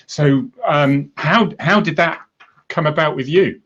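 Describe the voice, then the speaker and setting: A man hosting a chatty interview, jokey and quick to laugh, often trailing off mid-sentence. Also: fairly high pitch, a bit bright, highs cut off. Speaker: host.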